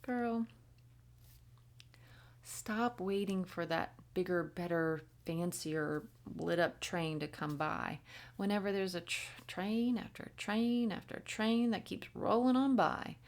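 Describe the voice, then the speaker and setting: Gravelly low-voiced woman reading tarot. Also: a little slow. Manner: chatty and blunt, swears, laughs, drops into whispers. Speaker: tarot reader. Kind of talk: casual spoken tarot reading.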